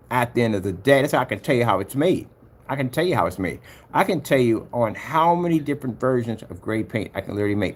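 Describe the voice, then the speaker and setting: A man with a medium-pitched, slightly mellow voice makes projector screen paint and shows off his demos in a rambling screen-recording vlog. He scrolls along boastfully, humming fillers and challenging his rivals.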